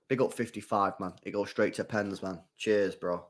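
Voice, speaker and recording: At normal speed and almost without pausing, a man chats with his viewers as he watches and comments on a football match. As a keen fan, he alternates between shouts and mutters.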